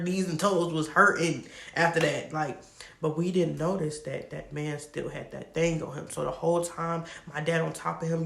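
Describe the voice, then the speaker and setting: A man telling a personal story to camera in a casual, animated, slangy way. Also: fairly high pitch, gravelly, roomy sound. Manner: animated, slangy, laughs often. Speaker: storytime vlogger.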